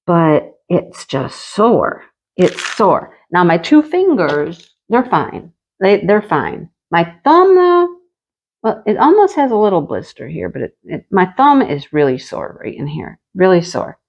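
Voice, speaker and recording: A woman's voice: on the low side, very animated, measured pace, a little mellow, lo-fi sound. A woman hosting her own craft channel, chatting casually and telling rambling stories while she diamond paints at home. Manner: rambling, chatty storytelling with frequent "you know".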